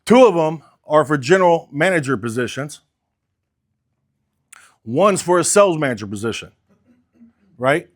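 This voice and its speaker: A man's voice: a little high, expressive, moderate pace, long pauses. A man telling his own story in casual, conversational talk. He swears freely, keeps tagging lines with "right?", and acts out the dialogue he quotes. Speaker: car business coach telling his story.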